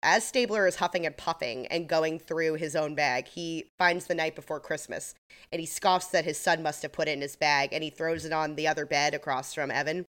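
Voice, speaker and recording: A woman's voice: deep voice, steady tone, a little fast, fairly bright tone. A woman co-hosting a podcast, retelling TV scenes in detail in casual chat over a video call. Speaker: podcast co-host. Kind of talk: casual chat recapping a TV episode. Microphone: computer mic on a video call.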